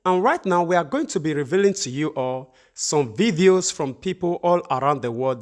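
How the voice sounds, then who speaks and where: A Nigerian man hosting an online news channel, speaking in a preacherly way and closing with blessings. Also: mid-range voice. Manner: preacherly, ends segments with blessings. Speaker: channel host.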